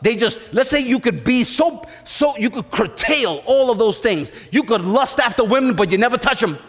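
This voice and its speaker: A man's voice: extremely high pitch, expressive, moderate pace, a bit bright. A man preaching a sermon with emphatic repetition, often putting questions to the congregation. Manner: emphatic, repeats phrases, asks the congregation questions. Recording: long hall reverb.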